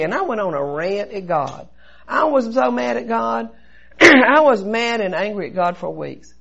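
A woman's voice: fairly high pitch, lively intonation, normal speed, vocal fry, a bit bright. Earnest woman sharing her story. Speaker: recovery meeting speaker. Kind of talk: personal testimony share. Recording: dull lo-fi recording.

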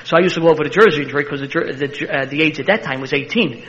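Older Philly man spinning a fast yarn. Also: on the high side. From Philadelphia. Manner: animated, laughing storyteller with a street-tough edge. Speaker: interview guest. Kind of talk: personal storytelling. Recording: slightly muffled recording.

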